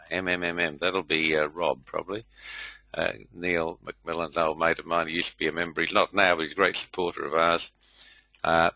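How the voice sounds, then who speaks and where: Older man, very low, bright voice. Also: gravelly, no room sound, poor audio. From India. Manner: rambling, many fillers, friendly roll call. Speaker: host. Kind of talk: casual webinar welcome.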